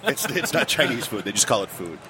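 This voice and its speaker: A wisecracking man co-hosts a podcast from a convention booth, his voice swinging widely in pitch as he jokes. Constant noise from the busy floor sits under him. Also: fairly quick. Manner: wisecracking, animated. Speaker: podcast co-host. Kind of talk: casual convention chat.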